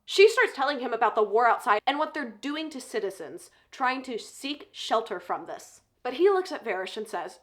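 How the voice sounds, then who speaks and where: Animated woman recapping a novel. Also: a little high, moderate pace, hardly any pauses. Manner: animated, joking asides. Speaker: book reviewer. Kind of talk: casual book plot summary.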